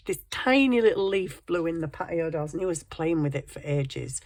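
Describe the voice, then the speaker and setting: A woman's voice: low voice, lively intonation, moderate pace, darkish tone, dry recording. A woman with a scratchy throat, chatting casually about her crafting project and now and then addressing her cat. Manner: chatty, self-deprecating, talks to her cat. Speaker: crafting vlogger. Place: home craft desk.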